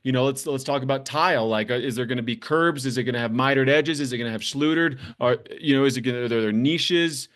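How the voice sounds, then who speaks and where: A man's voice: medium pitch, fast talker, hardly any pauses, fairly bright tone. A man hosting a construction business show, giving blunt, plainspoken advice and telling stories, with the odd swear word. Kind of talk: casual advice talk to camera.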